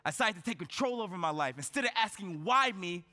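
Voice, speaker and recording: A man's voice: high voice, lively intonation, quick pace, sharp tone. Man giving a keynote in a hall. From United States. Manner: storytelling with rhetorical questions and frequent "right?". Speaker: keynote speaker. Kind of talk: motivational keynote speech. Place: large event hall on stage. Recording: reverberant conference hall.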